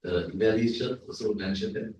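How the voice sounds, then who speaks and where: A man's voice: lowish voice, a little fast, darkish tone, a little hiss or hum. Male Toastmasters evaluator, explanatory and repetitive, recorded from far off in a very reverberant hall. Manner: explanatory, repetitive, asks the audience "right?". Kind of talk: club meeting evaluation speech. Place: large echoey meeting room. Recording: echoey room from far off.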